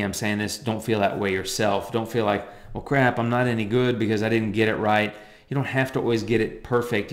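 A man walks through a photo editing tutorial at his screen, chatty and loose, with lots of fillers and side remarks. His voice sits at an average pitch. The room around him gives a clear echo. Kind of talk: casual screen-recorded tutorial.

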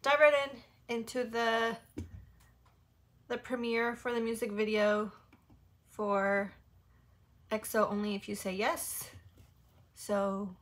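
Young woman fan rambling excitedly on a reaction video, bright tense voice. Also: on the high side, slow pace, pauses often. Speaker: music video reaction host. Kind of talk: casual reaction commentary.

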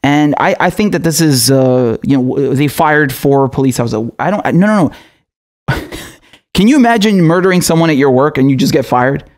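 A man's voice: a little high, lively intonation, moderate pace, a little mellow. A man giving an angry commentary monologue, heated and profane, often stammering and restarting his sentences. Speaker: political commentator.

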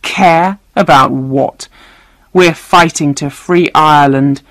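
A woman's voice: low voice, slow, no echo. A cold, curt male terrorist, read by a woman.

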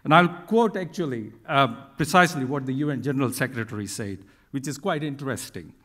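A middle-aged man giving a conference keynote speech, talking deliberately with frequent ums and emphatic restatements. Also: medium pitch, a bit bright. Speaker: keynote speaker at an industry conference. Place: large conference hall. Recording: reverberant hall sound.

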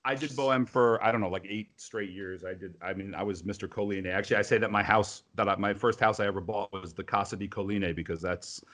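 Animated, profane storytelling man. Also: on the low side, fast talker, hardly any pauses. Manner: animated, profane storyteller who acts out quotes. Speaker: opera singer co-host. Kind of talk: casual video-call chat, storytelling.

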